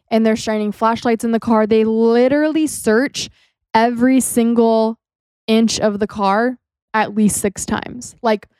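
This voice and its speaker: A young adult woman co-hosting a podcast, telling a story in a casual, expressive way and acting out what people said. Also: fairly high pitch, dry recording, studio quality. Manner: expressive, laughs while telling, acts out quotes. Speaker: podcast co-host.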